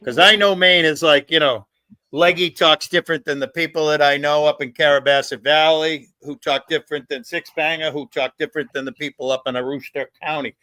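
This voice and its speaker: Bright-voiced New man, rambling. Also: a little high, steady tone, brisk, low-quality recording. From New England. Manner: rambling, profane, swears freely. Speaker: livestream host. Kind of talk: casual chat.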